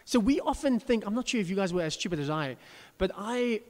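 A man's voice: high-pitched, animated, fairly quick, darkish tone, big-room sound. A pastor preaching a sermon to his congregation, chatty and self-deprecating, with frequent restarts.

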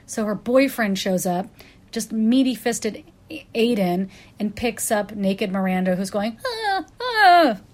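A woman talks through her favorite and least favorite moments in a relaxed countdown. Her delivery is wry and chatty, with plenty of "um"s and quick self-corrections. Now and then she jumps into a short, lively impression of someone she is quoting. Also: mid-range voice. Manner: acts out quoted characters in bursts. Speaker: pop culture commentator. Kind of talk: casual list countdown monologue.

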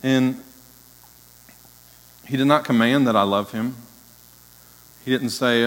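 A man's voice: mid-range voice, slow pace, long pauses, in a large hall, poor audio. An interim pastor, a man, preaching a sermon in an earnest, heartfelt manner.

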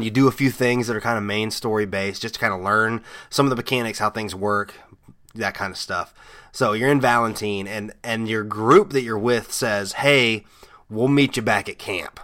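A man with a bright, forceful voice hosts a casual podcast. He rambles through amused stories with plenty of fillers and restarts. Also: mid-range voice. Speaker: podcast host. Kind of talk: casual storytelling monologue.

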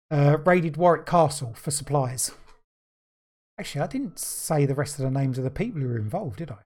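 A man's voice: fairly high pitch, darkish tone. A man, co-hosting a casual podcast, reading history notes aloud with joking, sweary asides. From London. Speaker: podcast co-host.

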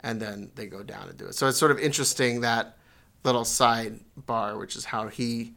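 A man's voice: medium pitch, steady tone, moderate pace, vocal fry, pushed and bright. A man co-hosting a podcast, casually retelling a story and correcting himself as he goes. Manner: rambling, self-correcting storyteller. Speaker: podcast co-host.

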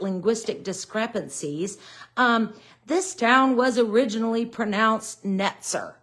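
A middle-aged woman with a Southern US accent leads a live-streamed Bible study. She talks slowly and unhurriedly, with a middle pitch. She is conversational and turns indignant at critics. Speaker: Bible teacher.

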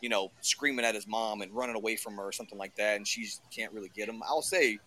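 A man's voice: fairly low pitch, fast, sharp tone, a little hiss or hum. A man in casual podcast chat, blunt and swearing freely as he tells stories.

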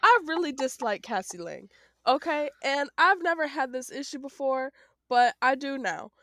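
A woman's voice: sits high, animated, moderate pace, sharp tone, dry recording, clean studio sound. A woman co-hosting a casual movie review chat, emphatic and blunt. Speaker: podcast co-host.

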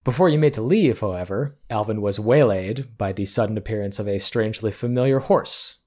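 A man narrating a tabletop role-playing game as game master, in measured storytelling. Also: fairly low pitch, warm tone.

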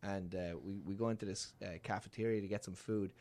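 A man's voice: low-pitched, steady tone, quick pace, a little mellow. A man from Ireland with an Irish accent, a guest on a casual podcast, telling stories with lots of laughter. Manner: storytelling, laughs often, drops into put-on accents.

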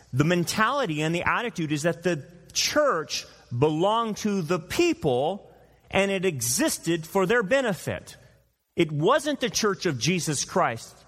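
A male pastor preaching a sermon, emphatic and animated, sometimes putting on mocking voices of churchgoers. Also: fairly high pitch, long reverb tail.

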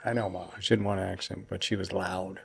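A quiet, soft-spoken man hosting a casual podcast conversation. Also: low-pitched, little pitch movement, fast talker, creaky, husky. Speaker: podcast host.

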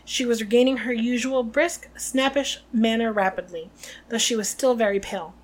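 A woman co-hosting a podcast, narrating a novel aloud in an expressive way and chatting about it. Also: a little high, normal speed. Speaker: podcast co-host.

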